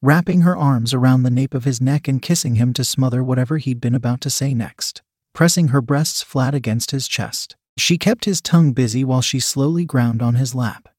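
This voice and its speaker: A man narrating an erotic story in a steady reading voice. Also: mid-range voice, normal speed, breathy edge, dry recording, clean studio sound.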